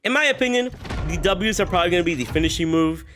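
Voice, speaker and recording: A man's voice: high-pitched, animated, fast talker, fairly bright tone, a little hiss or hum. A young man with a sick voice, giving casual, upbeat gaming commentary as a channel host, rambling with fillers. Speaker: gaming YouTuber.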